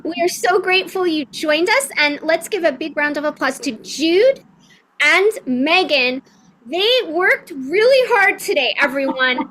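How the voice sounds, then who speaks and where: Bubbly woman host on a video call, very high and bright, lively delivery. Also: unhurried, a little hiss or hum, low-quality recording. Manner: bubbly, excitable, cheers loudly. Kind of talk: hosting a virtual comedy game show.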